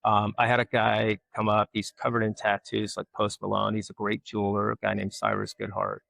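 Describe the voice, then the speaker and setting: A middle-aged man from Alabama, a guest artist telling folksy stories in casual conversation and getting lively when he quotes people. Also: lowish voice, fairly quick, gravelly, dry recording. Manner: folksy, animated when quoting others. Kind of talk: casual storytelling.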